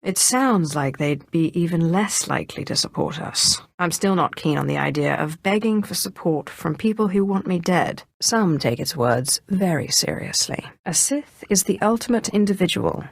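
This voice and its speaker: A commanding Sith sorceress. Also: female voice, fairly low pitch, lively intonation, normal speed, vocal fry, hardly any pauses, dry recording, studio quality. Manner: assured, imperious, with softer intimate asides. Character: proud female Sith sorcerer, cool and commanding. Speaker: game player character. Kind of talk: video game voice acting.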